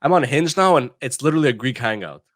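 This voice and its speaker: A man's voice: mid-range voice, lively intonation, quick pace, no echo, clean studio sound. A man hosting a casual podcast chat, asking questions with many restarts and fillers. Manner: rambling, hesitant questions. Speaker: podcast host.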